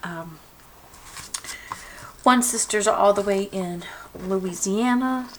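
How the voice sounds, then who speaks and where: A woman's voice: medium pitch, takes it slowly, slight background noise, poor audio. A young woman from Georgia, chatting in a rambling way while she works on a craft project. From Georgia, USA. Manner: rambling, chatty, many fillers and restarts. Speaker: craft vlogger. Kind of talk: casual chat while crafting.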